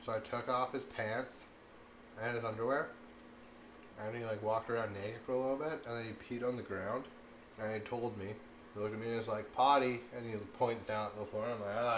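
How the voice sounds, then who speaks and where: A man in his thirties chatting casually as a cooking streamer, rambling and laughing often, with lots of "like". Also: fairly low pitch. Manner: rambling, animated, laughs often, says "like" a lot. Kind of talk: casual chat and storytelling. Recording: echoey room, faint background noise.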